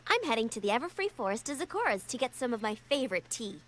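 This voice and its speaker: A woman voicing a friendly young female unicorn pony in a cartoon, talking in a brisk, bright way. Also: on the high side, big pitch swings. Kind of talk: cartoon voice acting.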